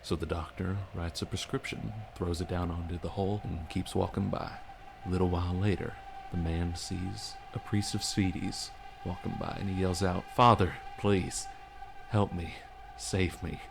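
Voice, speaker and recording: A man voicing a steady, gruff man who calms a friend by telling him a story. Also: low voice, normal speed, over music. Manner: firm then gently storytelling.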